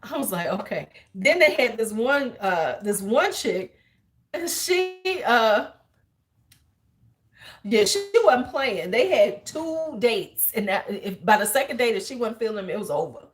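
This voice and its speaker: Brief: beauty-stream host in her forties, slangy, chatty storyteller with a slightly high voice. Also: a little slow. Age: 40s. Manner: animated, laughing, slangy storyteller. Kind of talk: casual livestream chat.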